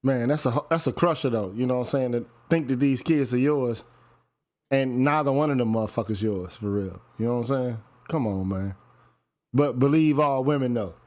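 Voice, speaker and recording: A man's voice: mid-range voice, normal speed, a little mellow. A man hosting a casual commentary chat, talking in a profane, emphatic way and often repeating himself. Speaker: podcast host.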